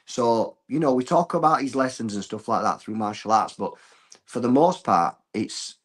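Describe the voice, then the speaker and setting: A man, a martial arts coach chatting as a podcast guest, telling stories in a blunt, earthy, animated way. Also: medium pitch, moderate pace. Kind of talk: casual podcast chat.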